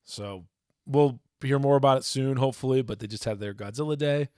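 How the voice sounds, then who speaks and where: A man's voice: mid-range voice, a little fast, mellow, clean tone, no room sound, clean studio sound. A man co-hosting a casual podcast, rambling and correcting himself as he goes. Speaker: podcast co-host.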